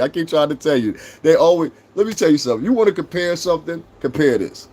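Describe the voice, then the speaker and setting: A man's voice: on the high side, lively intonation, fast talker, a little mellow, a little hiss or hum. A man with a New York accent in his thirties, hosting a casual livestream, brash and profane as he talks straight to his chat. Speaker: livestream host.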